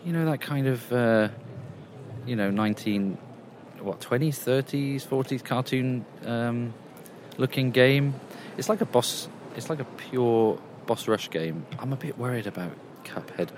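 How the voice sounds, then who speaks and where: A man of medium pitch and a slightly dark tone speaks a bit slowly over faint hiss or hum. In a quieter outdoor part of a games convention, he offers a casual, rambling, chatty report packed with fillers.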